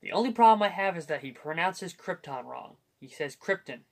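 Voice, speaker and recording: A man's voice: on the high side, animated, fairly quick, creaky. A young man hosting a casual comic book movie review, joking and rambling with self-deprecating asides. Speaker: host.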